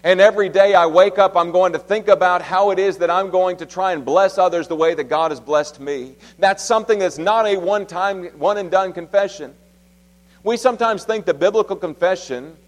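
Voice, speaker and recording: A man in his thirties preaching a sermon in a church, swinging from loud, emphatic exhortation to soft, hushed storytelling. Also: high-pitched, a little fast. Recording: long reverb of a large hall.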